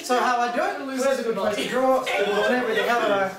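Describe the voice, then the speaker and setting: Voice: mid-range voice, fast talker, over a noisy crowd. A presenter giving a casual hands-on demonstration to a group, thinking aloud in an offhand, chatty way. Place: echoey room with a group. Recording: echoey room, distant mic, background noise.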